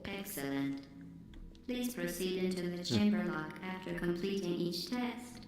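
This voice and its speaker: A woman voicing GLaDOS, a cold, polite female AI who runs a test lab, speaking in a calm, formal announcer manner. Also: fairly low pitch, unhurried. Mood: coolly formal. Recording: heavily echoing game audio with music.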